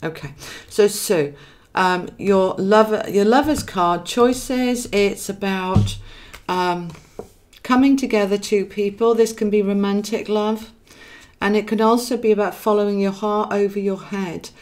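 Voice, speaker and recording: A woman's voice: medium pitch, a little slow, darkish tone. A woman with a Welsh accent giving a chatty live tarot reading, affectionately calling viewers darling and thinking aloud as she draws cards. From Wales. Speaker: tarot card reader.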